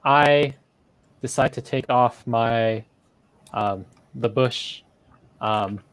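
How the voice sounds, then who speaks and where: A man's voice: mid-range voice, extremely slow, a bit bright, smooth, dry recording. Chill guy joking around during a tabletop game. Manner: easygoing, joking. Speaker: player. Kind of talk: casual tabletop play.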